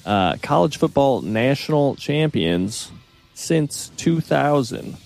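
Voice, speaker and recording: A man's voice: medium pitch, big pitch swings, takes it slowly, vocal fry, darkish tone, faint music behind. A man working as a show's video producer, laid-back, explaining the rules of a trivia game. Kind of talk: casual studio chat.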